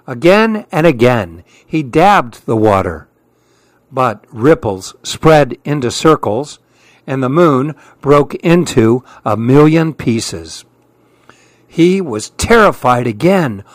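A man reading children's stories aloud in a slow, gentle, expressive way. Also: medium pitch, no echo. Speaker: storyteller. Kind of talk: children's story read-aloud.

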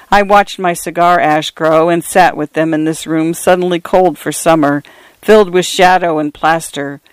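Guy reading a novel out loud, slightly high voice, dry sound, measured pace. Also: smooth, dry recording. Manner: measured, evenly paced storytelling. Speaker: narrator. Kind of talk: first-person literary fiction reading.

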